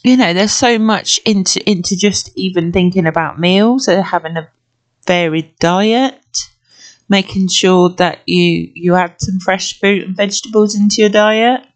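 A middle-aged British woman hosting a casual solo podcast, talking in a gentle, rambling way with many fillers. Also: medium pitch, measured pace. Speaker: podcast host.

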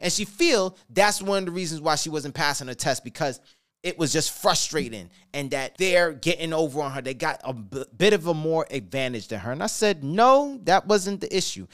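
A man's voice: fairly high pitch, animated, fairly quick, fairly bright tone, no echo, studio quality. A man hosting a podcast, giving a hyped, sing-song pep talk in the style of a boxing announcer, then telling a story in a casual, conversational way. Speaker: podcast host.

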